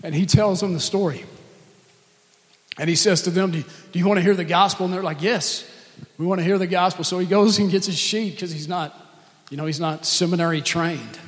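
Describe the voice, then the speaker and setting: A man's voice: sits high, moderate pace. A man preaching a sermon, telling a story earnestly and acting out the dialogue of the people in it. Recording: long reverb of a hall.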